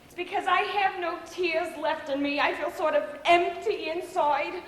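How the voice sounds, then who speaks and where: Childlike, fragile grown daughter, played by a woman; very high, earnest and pleading, on a live theater stage. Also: steady tone, moderate pace. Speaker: stage actor. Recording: reverberant theater from far off.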